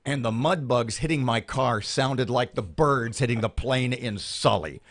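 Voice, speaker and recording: A man's voice: medium pitch, measured pace, a bit bright. A male morning radio host, telling a rambling story in casual chat on air. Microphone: studio microphone.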